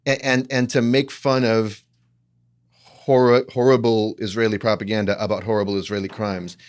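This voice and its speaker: A man's voice: fairly low pitch, level tone, moderate pace, clear, resonant tone. A man co-hosting a podcast, talking in a wry, reflective, self-deprecating way. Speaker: podcast co-host. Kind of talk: casual conversational podcast talk.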